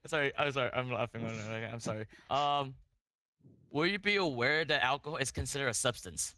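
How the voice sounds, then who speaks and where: A man playing a defense lawyer in a role-play court, cross-examining a witness in halting phrasing with many restarts and repeated questions. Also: mid-range voice, wildly swooping pitch, sharp tone.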